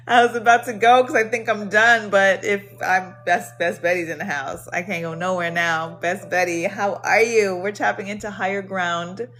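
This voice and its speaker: A woman's voice: medium pitch, unhurried, a bit bright, soft background music. A woman hosting a late-night livestream of donation-based card readings, chatting casually and greeting viewers by name in a bubbly, slangy way.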